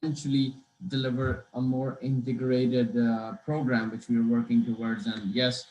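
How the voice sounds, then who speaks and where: A man hosts a professional webinar, rambling and hesitating between "uh"s. His throat is dry and he coughs now and then. His mid-pitched voice echoes in a roomy space over a video call. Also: flat delivery, moderate pace, a little mellow, slight background noise. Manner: rambling, hesitant, many uh fillers and restarts. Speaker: webinar host. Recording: echoey room.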